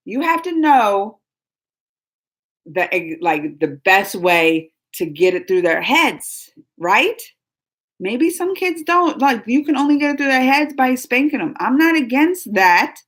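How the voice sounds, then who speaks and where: A woman's voice: a little high, a bit bright. A woman hosting a casual live stream, chatting and rambling to viewers, laughing often. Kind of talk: casual live chat reading viewer comments.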